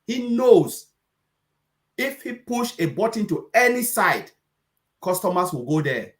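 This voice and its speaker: A man's voice: high voice, very animated, unhurried. A man giving an emphatic, preachy, repetitive motivational talk on a webinar, now and then acting out customers' voices. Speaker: presenter.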